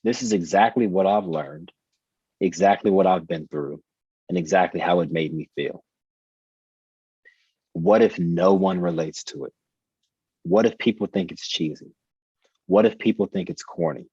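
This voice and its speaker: Deep, husky-voiced man in his thirties. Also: measured pace, long pauses, warm tone, no room sound, highs cut off. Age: 30s. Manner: earnest, reflective, repeats phrases for emphasis. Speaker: podcast guest, author. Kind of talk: personal storytelling in conversation.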